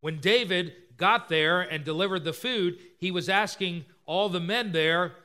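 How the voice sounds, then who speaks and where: A male preacher delivers an expository sermon in a high voice. His tone is bright and forceful. He retells scripture and briefly acts out its characters' lines. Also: measured pace, clean tone.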